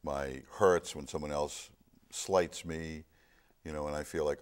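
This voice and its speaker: Middle-aged man, very deep voice, earnest storyteller in casual talk. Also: normal speed. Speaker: film discussion guest. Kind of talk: casual chat.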